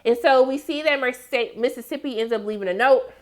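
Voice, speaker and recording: A woman giving a casual, slangy recap and review of a TV episode, breaking into high exclamations. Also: fairly quick.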